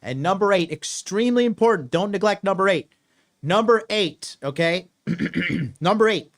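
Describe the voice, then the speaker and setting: Brief: young male dating coach, crude and forceful, pitch a touch high, drills points by repeating them. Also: normal speed. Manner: profane, emphatic, repeats himself. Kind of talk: solo advice monologue.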